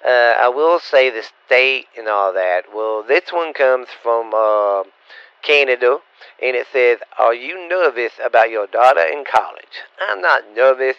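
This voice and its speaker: A man's voice: medium pitch, smooth, no room sound. Middle-aged man, blunt and profane, stammering Q&A vlogger; dull, dry lo-fi recording. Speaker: vlogger answering viewer questions. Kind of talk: casual rambling Q&A.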